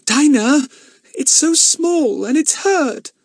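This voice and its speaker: A man voicing a soft-hearted young girl who speaks in a shaky, pleading way. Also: very high-pitched, measured pace, slightly rough, no echo, studio quality, voice pushed up, full character voice. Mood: tearful, pleading.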